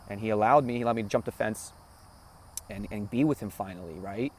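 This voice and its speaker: A man's voice: on the low side, fairly quick, a little hiss or hum. A man hosting a spiritual talk, telling a personal story in an earnest, emotional way, repeating phrases and checking in with the listener. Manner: earnest, repeats phrases, keeps asking "right?".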